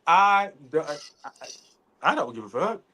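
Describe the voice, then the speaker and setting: Bright, animated man telling stories. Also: fairly high pitch, measured pace. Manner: animated storytelling, heavy cursing. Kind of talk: casual chat.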